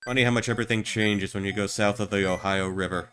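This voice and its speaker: A man's voice: fairly low pitch, steady tone, fast, a bit bright. A man streaming a game, chatting in a rambling, stammering way with crude jokes. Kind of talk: casual gameplay chat.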